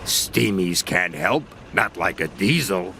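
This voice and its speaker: Man doing a diesel engine, gravelly, low, sneering, boastful, slow, distant with noise. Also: expressive, bright, forceful tone, heavily acted. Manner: taunting and showing off.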